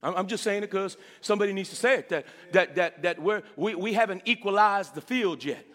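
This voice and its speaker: High-voiced enthusiastic preacher man in a hall. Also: a little fast. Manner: enthusiastic, repetitive, swings between shouting and murmuring. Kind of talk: sermon.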